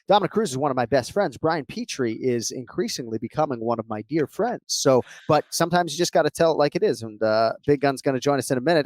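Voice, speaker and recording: A man co-hosting a sports podcast in quick, animated casual chat. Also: a little high, dry recording. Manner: quick, animated talk with laughs. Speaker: podcast co-host.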